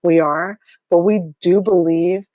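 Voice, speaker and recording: A woman's voice: on the low side, fairly even intonation, a little slow, mellow, dry recording. A middle-aged woman co-hosting a coaching podcast, asking reflective questions in casual chat and laughing often.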